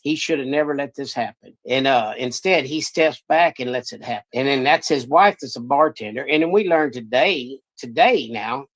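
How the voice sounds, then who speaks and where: A man's voice: mid-range voice, moderate pace, hardly any pauses, no echo. A man speaking bluntly and indignantly in a played video clip.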